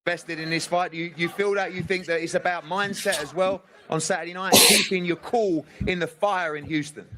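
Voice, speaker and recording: A man interviews fighters with brisk, upbeat questions. His voice sits somewhat high for a man. He keeps the prompts short and cheerful. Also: fairly even intonation, pushed and bright.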